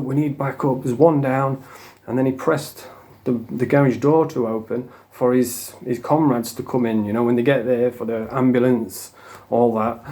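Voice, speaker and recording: Sweary Northern English man with a dark voice. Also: mid-range voice. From England. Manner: rambling, sweary and emotional, with frequent "you know what I mean". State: coming off drugs. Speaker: vlogger. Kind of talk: casual storytelling monologue.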